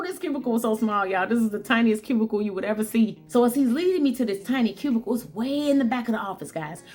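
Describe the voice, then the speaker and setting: A woman's voice: fairly high pitch, darkish tone. A woman vlogger telling a work story to her viewers, chatty and repetitive, calling them guys and y'all. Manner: chatty, repeats lines for emphasis, talks to "guys" and "y'all". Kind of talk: casual storytelling to camera.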